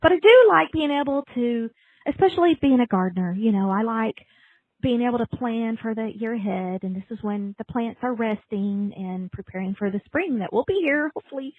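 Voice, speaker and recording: Husky woman on a tinny dry line. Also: fairly high pitch, animated, brisk, dry recording. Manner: chatty, emphatic. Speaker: podcast co-host. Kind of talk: casual chat. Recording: dry, phone-like sound.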